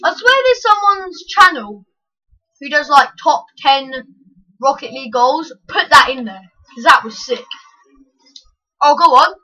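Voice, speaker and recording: A woman giving excitable live commentary over her own gameplay, yelling at the screen with quick self-mocking asides. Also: sits high, poor audio. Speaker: gaming channel host.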